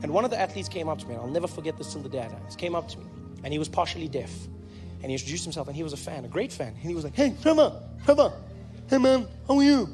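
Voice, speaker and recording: South African stand-up, high voice, animated. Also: male voice, racing, big-room sound, music in the background. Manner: animated storyteller. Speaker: comedian. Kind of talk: stand-up comedy.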